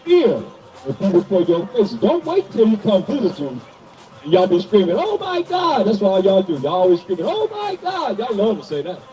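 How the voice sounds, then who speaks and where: A man's voice: high voice, big pitch swings, a little fast, dark tone, distant mic, soft background music, rough recording. A man preaching a sermon and calling out to people around him, reading scripture and challenging listeners. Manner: preaching to passersby, calling out to the crowd. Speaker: street preacher.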